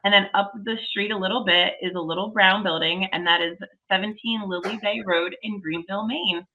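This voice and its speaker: A woman's voice: medium pitch, steady tone, brisk, bright, forceful tone, dull audio, a little hiss or hum. A woman in her forties, a podcast guest, telling a story in casual, enthusiastic chat.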